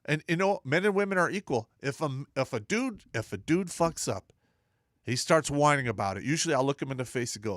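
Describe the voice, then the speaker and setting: A middle-aged man on a casual talk show, blunt and profane, telling animated stories about his days in the army. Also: medium pitch, a little fast, dry recording, clean studio sound. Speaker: podcast co-host.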